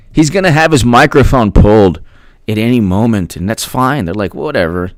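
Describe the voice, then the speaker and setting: A man talks straight into a close mic on a livestream, his pitch swinging widely as he fires off rhetorical questions and repeats himself for emphasis. The sound is dry and close, with no room around it. He stops often to thank viewers by name. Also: expressive, fairly quick, dry recording. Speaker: political commentary livestream host. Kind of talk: casual livestream commentary, reading chat.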